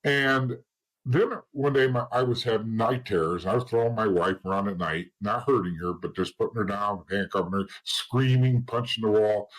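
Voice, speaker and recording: A middle-aged man with a husky voice talks candidly as an interview guest. His voice sits on the low side. He rambles bluntly and keeps restarting his sentences. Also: normal speed, rough recording. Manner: rambling and blunt, with frequent restarts and "you know". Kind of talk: candid personal storytelling in an interview.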